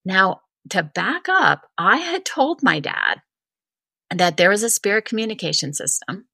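A middle-aged woman from Vermont, a wellness coach telling a personal story in a chatty interview, full of "like" and animated retellings. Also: mid-range voice, measured pace, creaky, breathy edge, no room sound. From Vermont, USA. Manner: chatty, heavy use of filler "like", animated retelling.

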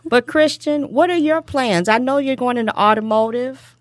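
A woman's voice: high-pitched, normal speed, no echo, studio quality. A woman hosting a casual talk show, chatty and encouraging, laughing often as she brings in her guests. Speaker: host.

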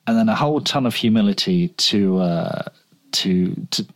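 A man's voice: fairly low pitch, animated, moderate pace. Dry, joking man. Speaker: podcast co-host. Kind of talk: casual chat.

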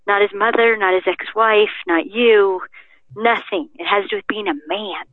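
Woman guest, animated storyteller who acts out quotes. Phone-line audio, dry. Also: medium pitch, normal speed, dry recording. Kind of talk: interview chat.

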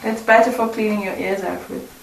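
A woman's voice: mid-range voice, fairly even intonation, brisk, vocal fry. A woman playing a tabletop game, giggly and melodramatic, in casual chat. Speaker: player. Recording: roomy, distant table mic.

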